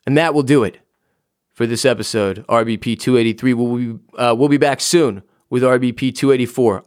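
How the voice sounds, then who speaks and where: A man's voice: mid-range voice, normal speed, dry recording, studio quality. Rambling, profane male podcast host. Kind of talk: casual solo podcast outro. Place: home office.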